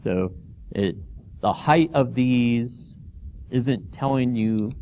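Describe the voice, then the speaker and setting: A man's voice: medium pitch, drawn-out words, darkish tone, muffled recording, slight background noise. A man teaching a college anatomy and physiology class, informal and checking in with students as he explains. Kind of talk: classroom lecture. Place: lecture hall.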